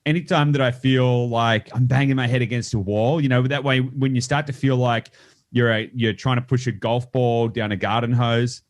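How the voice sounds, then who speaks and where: A man's voice: steady tone, normal speed. A man hosting a podcast interview, talking in loose rambling sentences with frequent restarts. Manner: rambling, restarts often, acts out clients in a high voice. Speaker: podcast host. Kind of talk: casual interview chat.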